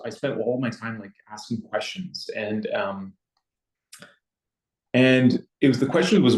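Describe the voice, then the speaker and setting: A Canadian man sharing a personal spiritual story in a rambling, halting way over a video call. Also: fairly low pitch, a little mellow, reverberant, poor audio. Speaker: circle participant.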